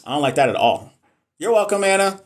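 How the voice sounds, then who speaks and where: A man's voice: sits high, big pitch swings, a little fast. Chatty man on a live stream. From Texas. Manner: chatty, jokey, reads and answers viewer comments. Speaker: nurse educator hosting a live stream. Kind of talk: casual live-stream chat.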